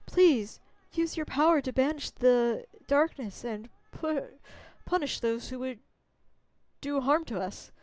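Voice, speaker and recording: A gentle tree goddess speaks softly and solemnly, as a woman voices her. Her delivery is slow and smooth, pleading with quiet dignity. The recording is dry and close. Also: high voice, no echo, pitched above the performer's own voice, rough recording. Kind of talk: game dialogue read aloud.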